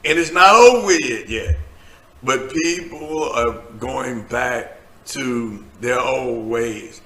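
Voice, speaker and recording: A man's voice: medium pitch, slow, sharp tone, echoey room. A man hosting a casual talk show as a preacher, bantering with laughter and turning earnest and preachy when he speaks about faith. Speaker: host, preacher. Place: studio set.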